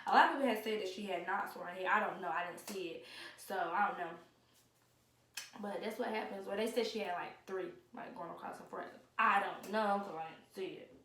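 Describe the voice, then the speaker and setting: A young woman, casually telling a story and loudly acting out the people she quotes. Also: mid-range voice, a little fast, recorded from a distance. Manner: animated, acts out quoted voices loudly. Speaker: vlogger. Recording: echoey room, away from the mic, faint noise.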